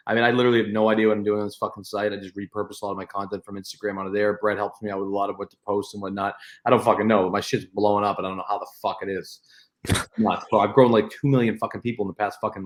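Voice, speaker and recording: A brash man guests on a casual podcast and gives blunt, profane advice. He talks fast, with a low voice. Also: flat delivery.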